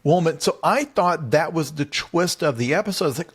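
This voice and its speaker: Man, fairly high voice, comedy podcast co-host, rambling exasperated riffs. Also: animated, moderate pace, few pauses, husky. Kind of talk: comedic recap chat.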